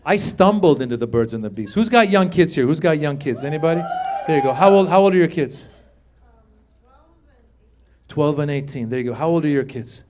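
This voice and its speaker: A middle-aged man doing stand-up comedy on stage, telling stories and acting out dialogue. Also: fairly high pitch. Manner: animated storytelling, acting out dialogue. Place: comedy stage before a live audience. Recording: live show with faint crowd noise.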